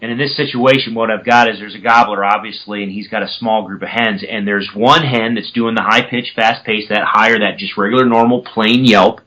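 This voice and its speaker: A man's voice: on the low side, steady tone, a little fast, few pauses, bright, forceful tone, muffled recording. A man casually explaining turkey calls on a podcast, now and then mimicking yelps with his own voice. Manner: conversational, self-correcting.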